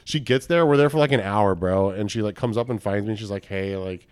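A man's voice: on the low side, fast talker, a little mellow, smooth. A man telling a long story on a podcast in a casual, laid-back way, full of slang. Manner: laid-back, crude slang, peppers speech with "bro" and "dude". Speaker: podcast guest.

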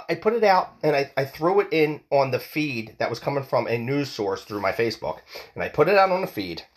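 Animated profane man ranting solo. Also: mid-range voice. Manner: profane, heated, repeats words and stumbles. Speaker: podcast host. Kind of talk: solo podcast rant.

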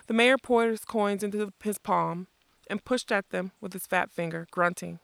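A narrator reading a fantasy story aloud in a steady, measured way. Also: mid-range voice, gravelly, clear, resonant tone, dry recording. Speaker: audiobook narrator.

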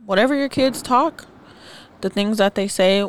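A woman's voice: medium pitch, normal speed, slight background noise. A young woman co-hosting a podcast in casual chat, outspoken and acting out the voices of people she quotes. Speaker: podcast co-host.

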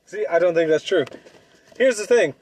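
A man's voice: high-pitched, normal speed, background noise. A young man in a comedic argument, stubborn and swearing as he pushes his point. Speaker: debater.

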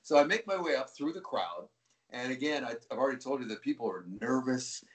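Rambling hockey broadcaster telling stories. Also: male voice, mid-range voice, a little fast, reverberant. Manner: relaxed, rambling with frequent restarts. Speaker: hockey play-by-play broadcaster, guest. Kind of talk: anecdotal interview storytelling.

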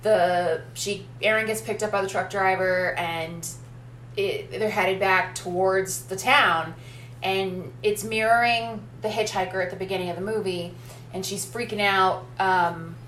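A woman's voice: mid-range voice, fairly even intonation, measured pace, a bit bright. Woman, casual chat, detailed plot recap, echoey room, faint hum. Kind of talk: casual film discussion.

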